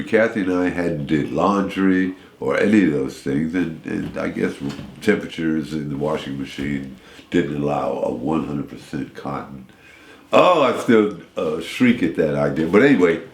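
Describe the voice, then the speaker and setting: A man telling stories as a guest in a radio interview, rambling and animated, often restarting his sentences. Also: low voice, echoey room.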